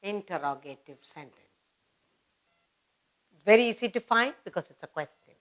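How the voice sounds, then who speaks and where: A woman's voice: mid-range voice, sharp tone. A woman teaching a children's grammar lesson, repeating each example sentence and explaining it step by step. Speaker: English teacher.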